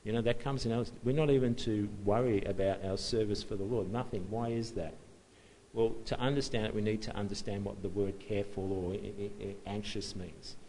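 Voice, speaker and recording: A man's voice: fairly low pitch, fairly even intonation, a little fast, mellow, a little hiss or hum, low-quality recording. A man preaching a sermon in a conversational, self-deprecating way, often restarting and chuckling at himself.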